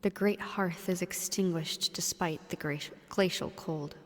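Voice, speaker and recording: Woman narrating a story game in a long-reverb room, lowish voice, measured and even. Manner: even, measured reading, slipping into quick casual chat. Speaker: let's play co-host narrating the game text. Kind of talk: reading game narration aloud with casual asides.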